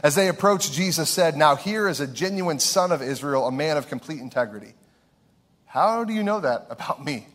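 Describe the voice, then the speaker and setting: A man's voice: a little high, a bit bright. A male pastor from Ohio preaching a sermon in an earnest, emphatic way, repeating his key phrases.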